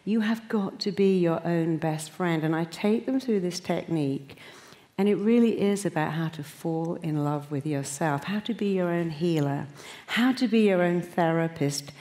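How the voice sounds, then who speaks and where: A woman therapist explaining her method emphatically, then guiding a meditation softly and slowly. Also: on the low side. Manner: animated and emphatic, soft and slow when guiding.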